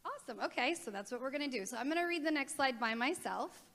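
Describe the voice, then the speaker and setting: A woman's voice: sits high, lively intonation, fast, a bit bright. A woman leading an upbeat staff training workshop in a large auditorium, with dry, wry asides. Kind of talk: interactive workshop presentation. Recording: long hall reverb.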